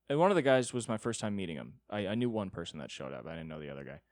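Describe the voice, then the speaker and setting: Low-voiced man ranting comically. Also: expressive, racing, few pauses, dry recording, studio quality. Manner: rambling, profane, self-deprecating. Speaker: podcast host, comedian. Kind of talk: solo comedic storytelling.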